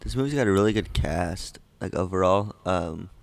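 A man's voice: low-pitched, lively intonation, moderate pace, gravelly, dry recording. A man co-hosting a casual movie podcast, loose and joking, often stumbling over his words. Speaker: podcast co-host.

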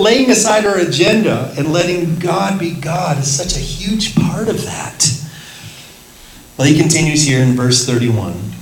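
Lively man teaching the Bible, echoey room. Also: a little high, a little hiss or hum. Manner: lively, laughs often, acts out quoted voices.

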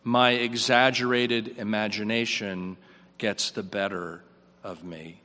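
A male preacher with a lowish, bright, forceful voice gives a sermon slowly and steadily, in a reflective, earnest manner. His questions rise before his voice sinks quiet, all ringing with the long reverb of a church sanctuary.

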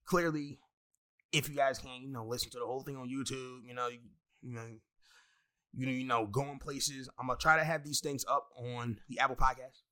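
A young man hosting a solo podcast, talking in a profane, excitable, rambling way with many restarts. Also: mid-range voice, brisk. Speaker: podcast host. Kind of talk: solo wrestling podcast rant.

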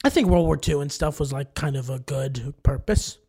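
A man co-hosting a podcast in casual chat, an animated storyteller who laughs often and acts out what people said. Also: fairly high pitch, normal speed, creaky, breathy edge. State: has an ear infection. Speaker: podcast co-host.

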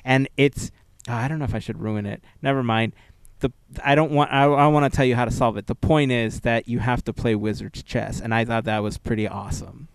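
A man's voice: mid-range voice, steady tone, brisk, hardly any pauses, smooth, no echo. A man co-hosting a podcast in casual chat, rambling and restarting his sentences and laughing easily. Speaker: podcast co-host.

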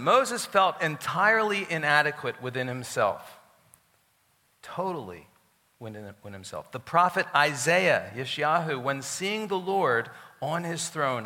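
Pastor guy preaching, bright forceful tone, big hall echo, loud then hushed. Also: fairly high pitch. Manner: emphatic, swings from loud declarations to quiet asides. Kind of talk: sermon. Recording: long hall reverb.

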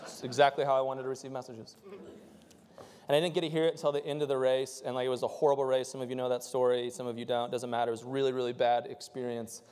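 A male pastor preaching a conversational sermon, swinging from loud, impassioned stretches to soft, intimate ones. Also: mid-range voice, flat delivery, fast talker, in a large hall, slight background noise.

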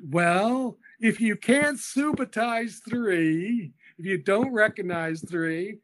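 Man, education expert, interview, methodical, patient, unhurried delivery, high voice. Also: a bit bright. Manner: patient, methodical explaining with small hesitations. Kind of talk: explaining in an interview.

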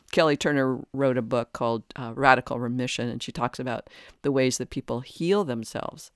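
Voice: mid-range voice, moderate pace, no room sound, studio quality. A podcast host giving an earnest, searching spiritual monologue, often restarting sentences.

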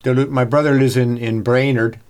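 A man co-hosting a casual podcast at a middle pitch. He talks in an easygoing way and laughs often. He stumbles and restarts mid-sentence as he thinks aloud. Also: level tone, moderate pace, darkish tone. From Minnesota. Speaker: podcast co-host. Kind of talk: casual chat.

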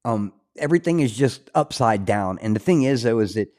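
Warm, mellow-voiced man in earnest chat. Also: mid-range voice, expressive, brisk. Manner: earnest, with many restarts and fillers. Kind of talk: conversational talk show.

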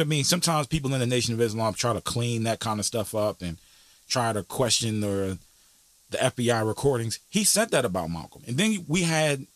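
A man hosting a podcast, talking through history in an earnest, casual way with many fillers, turning animated when he makes a point. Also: medium pitch, dry recording. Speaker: podcast host.

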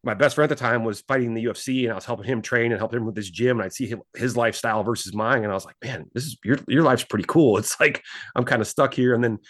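A man's voice: mid-range voice, fast talker, dry recording, clean studio sound. A man in his forties, a former stockbroker turned entrepreneur, telling his story casually and acting out his own past dialogue in quotes. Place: Fort Worth, Texas.

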